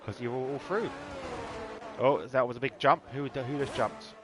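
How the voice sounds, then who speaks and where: A man with a mid-range, slightly bright voice and a bit of hiss or hum puts on an Irish accent for casual, sweary commentary on a sim racing league. His talk is full of banter, and he teases the drivers.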